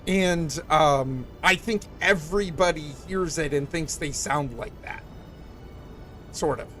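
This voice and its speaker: Chatty Southwest Michigan man, higher voice. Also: slow pace, a bit bright, faint music behind. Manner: rambling, filler-heavy, reads chat aloud. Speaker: streamer. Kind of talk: casual chat with viewers.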